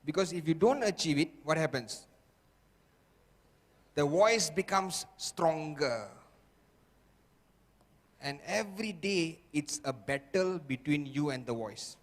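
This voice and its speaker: Slow, emphatic male seminar speaker in a hall. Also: fairly high pitch, expressive. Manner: checks in with the audience constantly; acts out the voices he quotes. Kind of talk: motivational seminar talk. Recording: long hall reverb.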